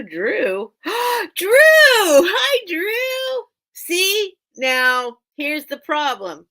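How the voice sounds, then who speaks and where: A woman hosts a relaxed live-stream sale, rambling and thinking aloud as she greets viewers by name. Her voice is bright and clear, and she takes her time between thoughts. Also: mid-range voice. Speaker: live online sale host. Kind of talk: casual live-stream selling chat.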